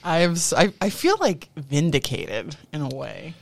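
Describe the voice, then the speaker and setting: A woman's voice: deep voice, very animated, unhurried, vocal fry, dry recording. A woman co-hosting a casual podcast chat, giggly and teasing. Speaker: podcast co-host.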